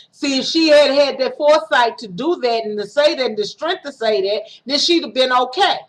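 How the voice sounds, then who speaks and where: A woman's voice: high-pitched, moderate pace, few pauses. A woman giving a casual, self-recorded sermon, talking conversationally with restarts and acting out quoted lines. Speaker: preacher. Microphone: home recording setup.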